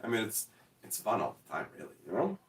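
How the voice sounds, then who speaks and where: Excitable, profane man in his forties. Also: fairly low pitch, fast, roomy sound, far from the mic. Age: 40s. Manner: profane, excitable, self-mocking. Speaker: streamer answering chat. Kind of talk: casual livestream chat.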